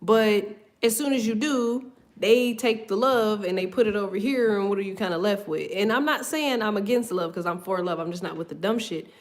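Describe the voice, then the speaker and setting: A woman's voice: mid-range voice, moderate pace. A woman giving a casual tarot reading. She swears freely, laughs often and drifts off on tangents. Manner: loose, profane, laughs often, goes off on tangents. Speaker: tarot reader.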